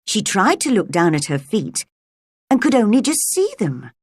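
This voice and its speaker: A woman reading a simple storybook aloud for language learners, slow and clear. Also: medium pitch, huge pitch swings, no echo, clean studio sound. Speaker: reader.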